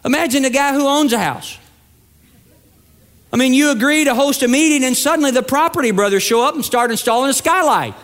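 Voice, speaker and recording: A pastor with a very high, fairly bright voice speaks a little fast through his sermon. He acts out the voices of the people in his stories, building toward emphatic peaks.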